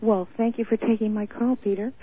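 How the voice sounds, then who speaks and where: A woman's voice: a little high, fairly even intonation, a little fast, a little hiss or hum. Woman caller, from Montana, sassy gushing talk, tinny phone line. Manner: sassy, gushing, calls people honey. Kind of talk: casual phone call to radio show.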